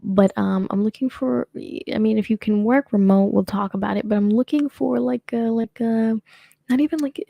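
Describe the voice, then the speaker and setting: A woman's voice: mid-range voice, vocal fry, dark tone, no echo. A young adult woman hosting her own show, chatting casually and rambling with lots of fillers and restarts. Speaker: podcast host. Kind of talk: casual solo chat.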